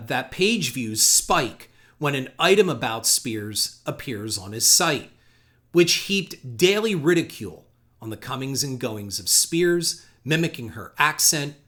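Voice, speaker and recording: Male podcast host, sardonic reader with mock emphasis, average pitch. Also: animated, a little slow, fairly bright tone. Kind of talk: reading quotes aloud with commentary.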